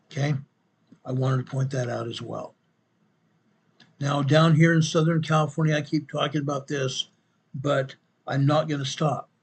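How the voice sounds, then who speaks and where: A man's voice: medium pitch, a little mellow, husky. A man hosting an online show, talking viewers through a map in casual commentary, stressing his points by repeating phrases and calling the audience folks and guys. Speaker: host.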